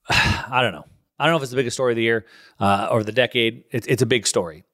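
A middle-aged man hosting a show, talking off the cuff in a rambling, animated way. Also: medium pitch, fast. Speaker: show host. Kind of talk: casual solo commentary.

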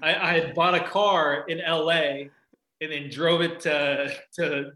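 A man's voice: fairly high pitch, fairly even intonation, slow pace, pushed and bright, echoey room, poor audio. A man, a touring golfer, telling a laid-back story in a casual chat with frequent laughs. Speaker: guest golfer.

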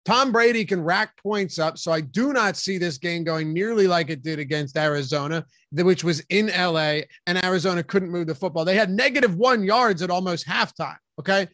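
A man's voice: sits high, brisk, few pauses, fairly bright tone, dry recording, studio quality. A man co-hosting a fantasy football strategy show, making emphatic arguments about which players to avoid. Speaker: co-host. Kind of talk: fantasy football analysis chat.

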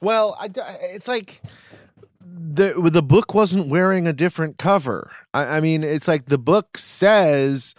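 A man's voice: a little high, a little slow, dry recording, studio quality. A man co-hosting a podcast in casual chat, wry and full of joking quips. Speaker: podcast co-host.

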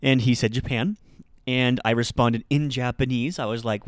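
A man's voice: mid-range voice, fairly even intonation, normal speed, clean tone, dry recording. A man hosting a Japanese-learning podcast, telling a story in a chatty, self-deprecating way with lots of fillers. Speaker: Japanese teacher podcast host. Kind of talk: casual podcast monologue. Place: Utah.

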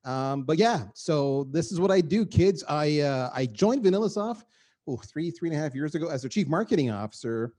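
A middle-aged man, a guest on a podcast, talking in an energetic and emphatic way and repeating words for effect. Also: fairly high pitch, moderate pace. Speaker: guest, marketing executive. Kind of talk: animated podcast conversation.

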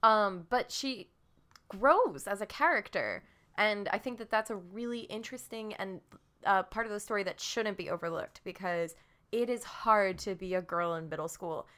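A young woman on a podcast chats casually as a guest. Her voice is bright and sharp, and she tells stories in an animated way, giggling often. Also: medium pitch, moderate pace. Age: young adult. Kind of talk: casual chat.

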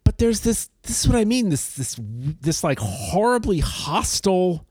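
Animated New man telling a story. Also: high-pitched, measured pace, breathy edge, no echo, studio quality. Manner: animated, acts out people in his stories. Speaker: podcast guest. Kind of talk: casual storytelling chat.

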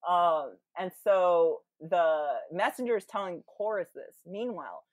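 Woman podcast guest, lowish voice, casual storytelling, fillers, playful quoted lines, dry close sound. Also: expressive, a little slow, dry recording.

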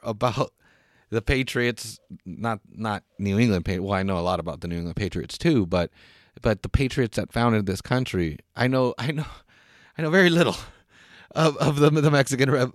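A man's voice: mid-range voice, normal speed, no room sound, studio quality. A Mexican American man talking frankly and casually, with lots of swearing and stumbling restarts. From United States. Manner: frank, profane, many restarts and repeated words. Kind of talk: casual opinion talk.

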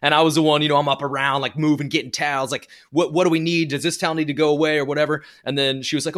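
A man's voice: a little high, steady tone, quick pace, few pauses, a bit bright. A man co-hosting a podcast, telling a story in casual chat with playful, swearing humor. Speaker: podcast co-host.

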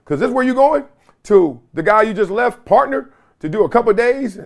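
A man's voice: very high voice, lively intonation, normal speed, creaky. A man hosting his own show from his home basement, talking straight to a camera in slangy casual commentary and laughing often. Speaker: podcast host. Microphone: video camera or phone.

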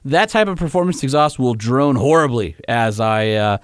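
A man's voice: mid-range voice, animated, moderate pace, clear, resonant tone, dry recording, studio quality. A man co-hosting a casual podcast, joking around and reading ads in a conversational way. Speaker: podcast co-host. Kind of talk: casual chat and host-read ads.

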